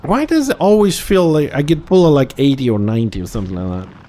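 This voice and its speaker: A man live-streaming an online game, commenting as he plays, jumping from quiet muttering to excited outbursts. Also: on the high side, fast talker. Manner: excitable, reacts loudly to the game, then mutters to himself.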